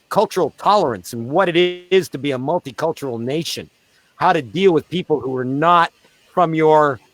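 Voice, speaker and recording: A man, a street theatre performer, telling animated stories in a casual interview over a video call. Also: no room sound. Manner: animated, acts out quoted voices in a high pitch.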